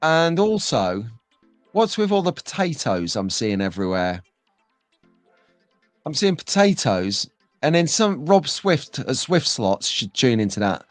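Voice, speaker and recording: A man's voice: mid-range voice, big pitch swings, unhurried, no echo, soft background music. Chatty rambling male stream host. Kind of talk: live stream chat, reading viewer comments.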